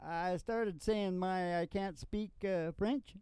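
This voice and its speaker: A man's voice: high voice, slow, darkish tone, clear, resonant tone, no echo. A man hosting a casual chat who jokes around and sings country songs with gusto. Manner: playful, jokey, sings with gusto. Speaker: host and singer. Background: acoustic guitar.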